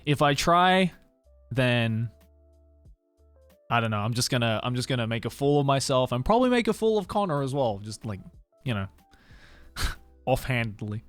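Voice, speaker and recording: A young Australian man talks loosely to his stream audience, drifting between thoughts and laughing at himself. His voice sits at an ordinary middle pitch and the sound is dry and close. Faint music plays beneath him. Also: big pitch swings, normal speed, pauses often, no room sound. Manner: loose and rambling, swears freely, laughs often. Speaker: streamer chatting with viewers. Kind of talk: casual live-stream chat.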